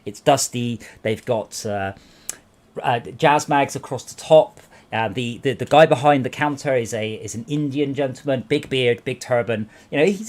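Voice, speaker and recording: A man's voice: medium pitch, darkish tone. A man from England hosting a game livestream, teasing his friends and rambling through anecdotes in casual chat.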